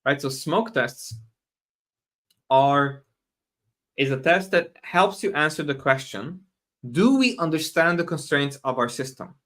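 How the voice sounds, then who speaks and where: A man's voice: fairly high pitch, lively intonation, unhurried, pauses often, fairly bright tone. A man hosting a live talk, speaking casually with frequent restarts and asides, answering audience questions and laughing now and then. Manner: casual, self-correcting, laughs often, answers chat questions. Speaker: host. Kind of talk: live stream talk on software testing.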